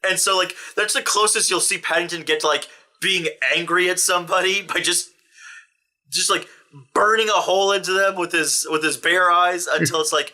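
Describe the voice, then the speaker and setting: A young man co-hosting a film review, talking casually and animatedly, ranting and slipping into quick impressions. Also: sits high, steady tone, bright, forceful tone. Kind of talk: casual chat.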